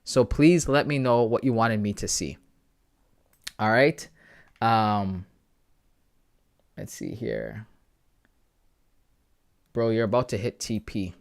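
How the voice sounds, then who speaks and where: A man's voice: on the low side, animated, takes it slowly, pauses often. A man from Canada chatting casually on a live stream, reading viewer messages aloud and answering them from home into a close, sensitive desk mic.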